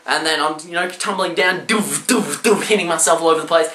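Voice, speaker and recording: A man tells a comic personal story, throwing in sound effects and shouted voices. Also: on the high side, brisk. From Australia. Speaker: storyteller vlogger. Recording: roomy echo.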